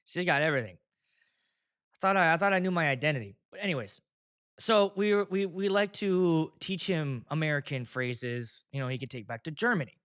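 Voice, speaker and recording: A man's voice: fairly high pitch, expressive, fairly quick, fairly bright tone, clean tone. A man, a DJ hosting his own show, telling a rambling, profane story. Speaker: DJ and show host. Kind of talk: casual storytelling vlog.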